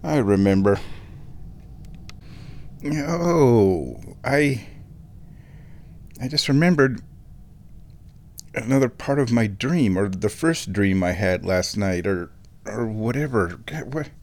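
Slow, low-voiced sleepy man chatting. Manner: drowsy, meandering, chuckles often. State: sleepy, stuffy sinuses. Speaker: vlogger. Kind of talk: rambling casual chat to camera.

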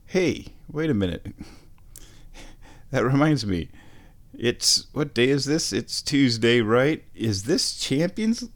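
A man chatting casually on his stream, meandering and correcting himself, and sometimes talking to his cat in a high baby voice. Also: expressive, slow pace, pauses often. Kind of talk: casual rambling chat.

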